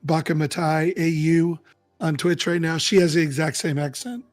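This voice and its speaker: A man's voice: fairly high pitch, fairly even intonation, normal speed, a little mellow, faint music behind. A man in casual chat, chatty and a bit boastful, often laughing. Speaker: podcast co-host.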